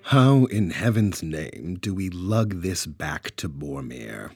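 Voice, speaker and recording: A man's voice: deep voice, expressive, slow, darkish tone, long reverb tail, faint music behind, heavily acted. A man voicing a nervous, fretful older male mystic scholar in a storybook reading. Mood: puzzled.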